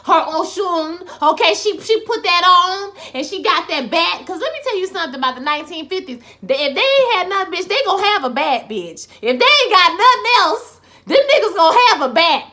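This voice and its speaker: A woman giving a sassy, expressive, profane recap of a TV episode. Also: extremely high pitch, fairly quick, few pauses. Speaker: TV recap vlogger.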